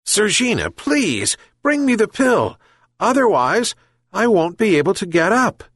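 A man's voice: sits high, wildly swooping pitch, measured pace, a bit bright, dry recording, studio quality, voice pushed up, exaggerated voice. A man doing a pleading old fisherman. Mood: calling. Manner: calling out, pleading.

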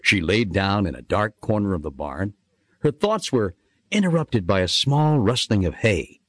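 Expressive man reading a children's story. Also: on the low side, normal speed, no room sound. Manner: expressive, sing-song storytelling. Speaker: narrator.

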